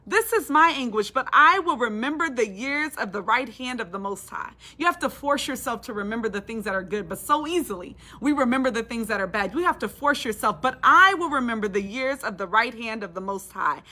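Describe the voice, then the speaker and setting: Bright-voiced woman preaching on a psalm. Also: on the high side, animated, a little fast, few pauses. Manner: impassioned, rising to emphatic declarations. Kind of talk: devotional Bible teaching.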